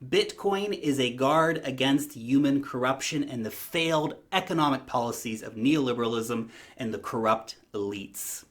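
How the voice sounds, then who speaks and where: A man's voice: medium pitch, normal speed, hardly any pauses. A man giving emphatic, opinionated vlog commentary, rallying his viewers and calling them "guys". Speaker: crypto vlogger.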